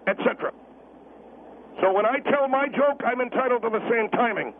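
A man voicing a pompous, combative male guest with a high, nasal, sneering voice who mocks and repeats himself on a radio call-in. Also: normal speed. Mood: taunting. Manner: mocking, repeats himself, drags out words. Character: shrill pompous male official, smug and combative. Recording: tinny radio phone line with hiss.

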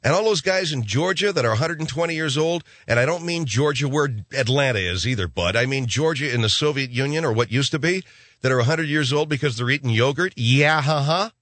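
A man hosting a talk radio show, rambling and sarcastic in a gruff, offhand way, on a studio microphone. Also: mid-range voice, fast talker, fairly bright tone, no room sound.

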